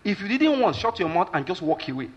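Man, Nigerian accent, pastor, sermon, husky, slightly high voice, emphatic, keeps checking listeners follow. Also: quick pace, highs cut off. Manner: animated with Nigerian Pidgin asides.

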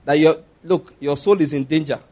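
A man's voice: a little high, moderate pace, dark tone. A man preaching a sermon, emphatic, repeating phrases and checking that listeners follow.

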